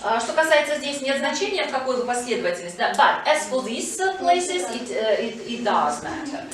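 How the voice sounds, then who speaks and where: A woman's voice: sits high, big pitch swings, fairly quick, a bit bright, very echoey, distant mic, poor audio. A woman teaching an English lesson to schoolchildren, prompting pupils and switching to Russian to explain tasks. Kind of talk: classroom lesson. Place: school classroom.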